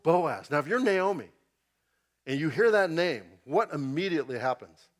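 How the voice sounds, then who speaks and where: A man's voice: fairly high pitch, animated, normal speed. A man teaching an informal Bible class in a church. He is chatty and keeps checking in with the class as he goes.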